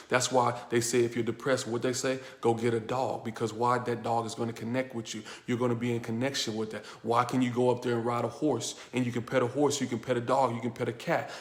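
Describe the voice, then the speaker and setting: A man giving an emphatic motivational teaching talk as a personal development coach, driving points home with repeated rhetorical questions. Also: mid-range voice. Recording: echoey room.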